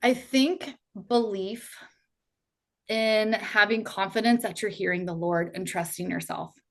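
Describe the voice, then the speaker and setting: A woman's voice: mid-range voice, a little slow, creaky, a bit bright. A woman in her thirties, a podcast guest talking in an earnest, heartfelt way, full of casual fillers. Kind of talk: faith podcast conversation.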